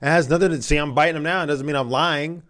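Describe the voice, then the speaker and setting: A man's voice: fairly high pitch, steady tone, fast talker, a bit bright. A young man co-hosting a podcast, chatting casually in a teasing, playful and argumentative way. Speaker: podcast co-host. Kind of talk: casual chat.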